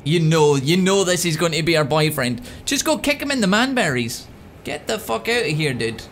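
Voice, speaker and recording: A man giving profane, excitable, joking commentary while he plays a video game. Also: fairly high pitch, normal speed, a little hiss or hum. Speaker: let's play host.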